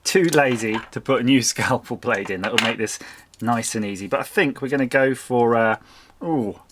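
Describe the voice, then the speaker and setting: A man talks casually while he crafts. He keeps up a chatty flow of self-mocking remarks and quiet muttered asides. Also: mid-range voice, moderate pace, noisy background. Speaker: crafting channel host. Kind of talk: casual chat while making a collage.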